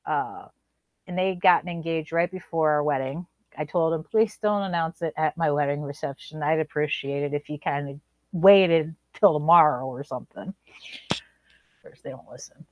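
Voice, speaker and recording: A woman co-host tells her stories in a relaxed chat. Her delivery is animated and incredulous, and her pitch leaps up when something shocks her. The sound is dry and close. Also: no echo, dull audio. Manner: animated, incredulous storytelling with big pitch jumps. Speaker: podcast co-host. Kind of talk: casual chat.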